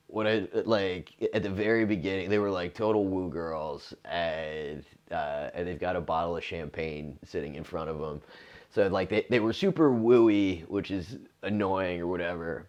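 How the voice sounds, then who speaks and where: A man's voice: deep voice, a little mellow, lo-fi sound. A man in his forties, a comedian, telling a loose, profane story with lots of restarts in a casual monologue. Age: 40s. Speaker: comedian and podcast host.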